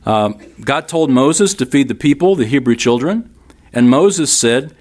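A man's voice: mid-range voice, animated, measured pace, darkish tone. A man teaching a Bible class in a sermon style, emphatic, repeating key lines and speaking straight to his listeners.

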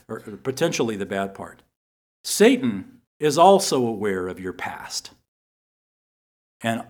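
Male Bible teacher, mid-pitched, earnest sermon delivery, repeats key lines. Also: darkish tone. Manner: earnest, repeats key phrases for emphasis, reads scripture slowly.

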